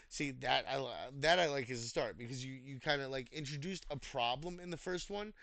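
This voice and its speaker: A tired man giving casual spoken feedback on a writing post, halting, with many fillers and restarts. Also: mid-range voice, fairly bright tone, no echo. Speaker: writing coach reviewing posts. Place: home desk, online voice chat.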